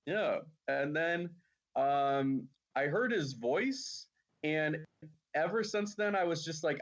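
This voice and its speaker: A man's voice: on the high side, lively intonation, takes it slowly. Rambling man with many "likes". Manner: laid-back, rambling with many "like"s. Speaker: podcast guest. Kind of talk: casual chat.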